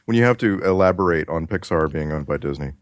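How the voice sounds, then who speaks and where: A man's voice: low voice, animated, fast talker, no echo, clean studio sound. A man co-hosting a casual film podcast, making nerdy jokes. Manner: nerdy, joking. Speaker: podcast co-host.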